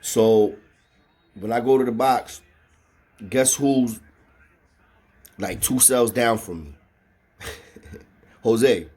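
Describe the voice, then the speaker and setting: A man's voice: mid-range voice, drawn-out words, pauses often, darkish tone, slightly rough. A man tells a long story in a loose, casual way. His talk is full of slang and swearing, and he keeps checking in with his listener as he goes. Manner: slangy and profane, with frequent "know what I mean".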